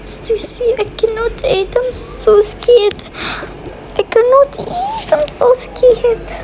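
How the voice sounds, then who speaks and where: A woman's voice: extremely high pitch, steady tone, a little slow, a little hiss or hum, rough recording. A woman voicing a frightened little twin girl in a toy game role-play, whimpering and repeating herself. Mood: scared. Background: background music.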